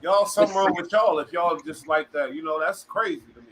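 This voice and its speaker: A man hosting a casual live-stream chat, talking in a laid-back, slang-heavy way and giving shout-outs to his chat. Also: on the high side, brisk, over a noisy crowd, low-quality recording. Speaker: livestream host.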